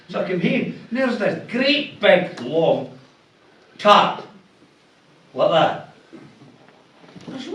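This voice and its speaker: A man's voice: sits high, big pitch swings, takes it slowly, long pauses, a bit bright, slight background noise. An older man with a Scottish accent giving an after-dinner speech, telling jokes and switching voices for the punchlines. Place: large function hall. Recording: echoey hall from far off.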